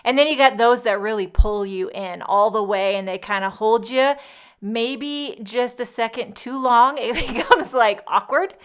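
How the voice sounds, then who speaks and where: A woman's voice: a little high, a little slow, a bit bright, clean tone. A woman hosting a casual card-making tutorial, chatty and full of joking asides. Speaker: papercraft tutorial host. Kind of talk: casual craft tutorial narration.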